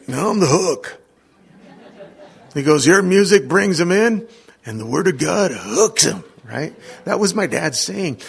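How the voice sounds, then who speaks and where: Gravelly, husky man telling a sermon story. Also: on the high side. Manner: animated anecdotes with quoted voices and laughter. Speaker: preacher.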